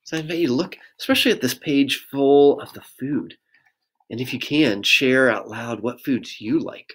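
A pastor with a mid-range voice reads a children's picture book aloud at a moderate pace, gently sing-song. He invites young listeners to join in.

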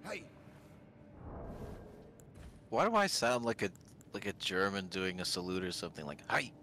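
A man's voice: sits low, a little fast. A man streaming a co-op game, chatting casually and laughing with friends. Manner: relaxed, laughing, joking with friends. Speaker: streamer playing co-op. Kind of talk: casual gaming chat. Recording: stream audio with clear game noise.

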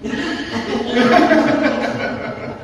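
A man's voice: extremely high pitch, very slow, background noise. Man preaching in an echoing church. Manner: emphatic, repetitive, rhetorical questions. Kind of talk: sermon. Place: church sanctuary. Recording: distant mic in an echoey church hall.

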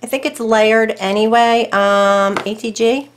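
Slow-talking woman crafting at home. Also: fairly high pitch, steady tone, slight background noise. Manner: chatty, talks to herself and her dogs while working; indecisive thinking aloud, drifting into soft murmurs. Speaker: crafting tutorial host. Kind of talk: casual crafting tutorial.

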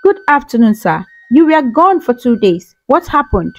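A woman voicing a serious, doubtful male doctor who speaks gravely. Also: fairly high pitch, big pitch swings, normal speed, dry recording, soft background music. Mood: calm. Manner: grave, sighing.

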